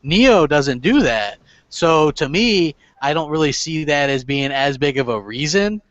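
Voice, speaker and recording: A man with a fairly high voice talks fast and emphatically on a casual gaming podcast, leaning on fillers as he makes his point. The sound is dull and lo-fi, like an online voice chat. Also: no echo. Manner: animated, emphatic, full of fillers. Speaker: podcast host.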